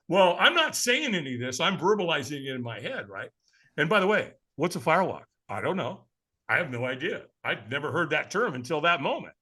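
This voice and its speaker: A man's voice: a little high, bright, forceful tone. A man in his sixties, a podcast guest telling a story with animation, acting out the voices of the people he quotes and chuckling along.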